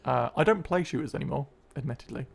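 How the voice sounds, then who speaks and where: Gravelly-voiced male co-host. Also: medium pitch, fast. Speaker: podcast co-host. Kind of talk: casual improvised chat.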